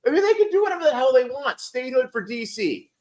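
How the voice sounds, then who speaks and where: A man's voice: very high voice, sing-song, fast, a little mellow. A man giving rambling, heated political commentary on a casual livestream, swearing and restarting often.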